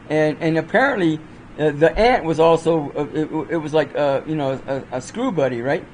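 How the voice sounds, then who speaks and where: A man's voice: a little high, normal speed, slight background noise, rough recording. A man casually reviewing movies off the cuff, rambling with many fillers and restarts.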